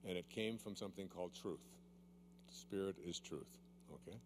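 Deep-voiced man leading a seminar demonstration. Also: a little mellow, slight background noise. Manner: playful, teasing, drawn-out emphasis. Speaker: seminar speaker. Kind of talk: live seminar talk with a demonstration. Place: seminar room with live audience. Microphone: handheld mic held by a volunteer.

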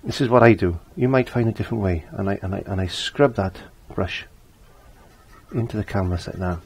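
This is an older man leading a relaxed painting tutorial. His voice sits low with a husky edge. He chats freely and circles back over his own phrases as he explains each step. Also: brisk. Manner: chatty, repeats his phrases. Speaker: painting teacher.

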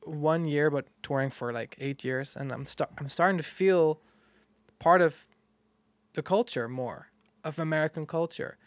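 A man from the Netherlands with a Dutch accent, a guest talking casually and haltingly, often restarting his sentences. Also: fairly high pitch, no room sound. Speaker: guest musician. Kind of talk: casual conversation.

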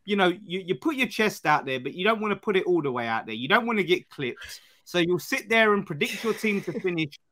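A man's voice: high-pitched, animated, brisk, bright, forceful tone. A man on a football podcast panel, needling another guest in casual banter. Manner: teasing, needling, stammers into restarts.

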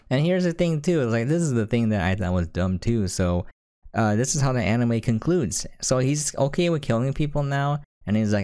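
A man's voice: mid-range voice, lively intonation, moderate pace, a little mellow, clear, resonant tone, no echo, studio quality. A man giving a casual, sarcastic and exasperated rant as an anime reviewer.

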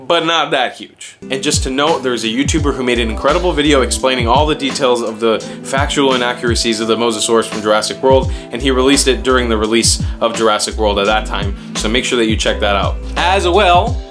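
A young man hosting an educational video with animated, jokey delivery and playful asides. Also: mid-range voice, fast, hardly any pauses. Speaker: host. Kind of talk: upbeat educational YouTube talk. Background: music.

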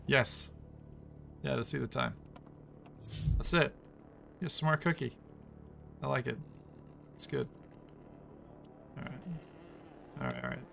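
A man streaming a VR racing game, talking casually, excitable and swearing freely. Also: medium pitch, extremely slow, vocal fry, long pauses, a little hiss or hum. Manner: excitable, swearing, laughing a lot. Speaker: VR gaming streamer. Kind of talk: casual live-stream commentary.

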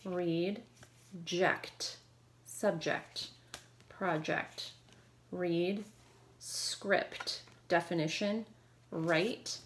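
A woman teacher with a fairly low voice runs a phonics drill. She calls out short, brisk prompts and answers each one with quick praise. A faint hiss sits under the recording. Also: fairly even intonation. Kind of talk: phonics lesson.

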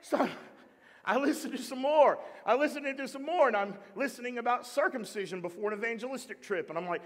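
A man's voice: very high voice, a little fast. A man preaching a sermon as pastor, joking and calling out to the congregation for amens and raised hands. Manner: humorous, animated preaching with call-and-response to the congregation. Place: church sanctuary. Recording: long hall reverb in church.

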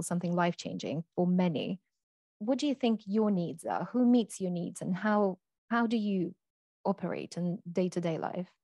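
A woman's voice: on the low side, warm tone, no room sound, clean studio sound. A woman in her thirties hosting an interview, asking questions with effusive praise. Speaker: podcast host.

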